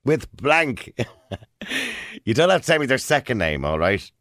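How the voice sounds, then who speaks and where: A man's voice: medium pitch, moderate pace, no room sound, clean studio sound. A man in his forties with an Irish accent, hosting a radio phone-in in casual, joking chat and laughing often. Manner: jokey, laughs often, lively. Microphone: studio microphone.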